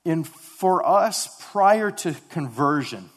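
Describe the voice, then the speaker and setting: A man giving an earnest sermon testimony about his mission work, halting and often repeating words as he speaks. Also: a little high, animated.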